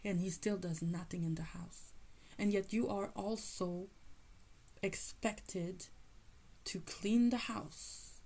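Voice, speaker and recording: A woman voicing God as a stern, protective male father, scolding in a husky, half-whispered tone. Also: mid-range voice, fairly even intonation, takes it slowly, dark tone. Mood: angry.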